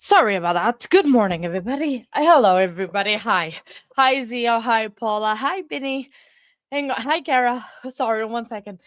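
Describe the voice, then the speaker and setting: A woman's voice: a little high, animated, moderate pace, a bit bright, dry recording. A woman hosting a casual livestream from home, chatting loosely with viewers and laughing often between rambling sentences. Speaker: livestream host.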